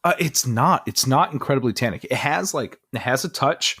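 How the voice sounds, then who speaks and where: A man's voice: medium pitch, normal speed, slightly rough. A young man co-hosting a podcast, chatting casually and rambling with plenty of fillers. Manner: relaxed, rambling, lots of fillers. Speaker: podcast co-host. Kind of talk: casual chat.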